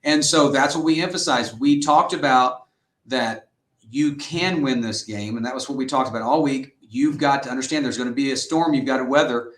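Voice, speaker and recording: Telling stories at normal speed as an interview guest, a middle-aged head coach of high school football comes across earnest and lively, acting out the quotes he recounts. The sound is roomy and echoey.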